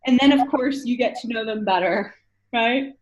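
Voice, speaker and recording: A woman's voice: fairly high pitch, normal speed. A woman lecturing a class in a conversational way, often checking in with the room by asking "right?". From northern United States. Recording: dull lo-fi lecture recording.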